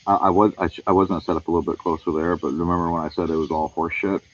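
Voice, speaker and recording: A man's voice: low voice, flat delivery, racing, dull audio, a little hiss or hum. A man hosting a nighttime outdoor livestream, chatting to viewers in a rambling, laid-back way as he walks around a wooded camp. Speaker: paranormal livestream host. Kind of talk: casual outdoor livestream chat. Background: crickets.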